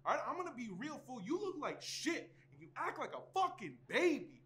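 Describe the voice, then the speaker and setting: A man's voice: very high voice, wildly swooping pitch, a little fast, a bit bright, echoey room, far from the mic, exaggerated voice. An actor playing a brash, profane stand-up comic who bluntly pushes his brother around. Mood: scolding. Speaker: stand-up comedian. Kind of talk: scripted comedy drama acting.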